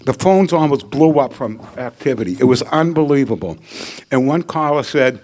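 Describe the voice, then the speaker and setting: A man's voice: medium pitch, expressive, moderate pace, darkish tone. An older man giving a hall of fame acceptance speech at a podium microphone, telling joking stories and anecdotes. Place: ceremony hall.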